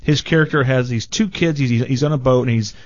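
A man chatting as a film critic guest on a radio show, animated and mock-quoting people. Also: mid-range voice, brisk, highs cut off. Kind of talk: casual radio banter.

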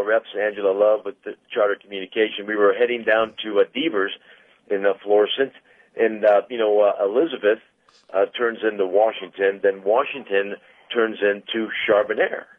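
Excitable man on lo-fi radio. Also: on the low side, a little fast. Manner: enthusiastic, laughs a lot, hesitant fillers. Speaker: car dealer co-host. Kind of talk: casual radio banter. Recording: dull lo-fi radio audio.

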